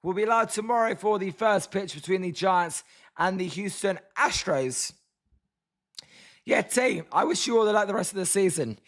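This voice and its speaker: A British man with a high, light voice calls the game live and chats with viewers between pitches. His voice is hoarse and tired, and his delivery stays loose and conversational, with plenty of complaints about the team. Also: lively intonation, moderate pace, fairly bright tone. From Britain. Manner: chatty, reads chat names, groans at the team. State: hoarse, voice tiring. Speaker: livestream host. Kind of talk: casual live watch-along commentary.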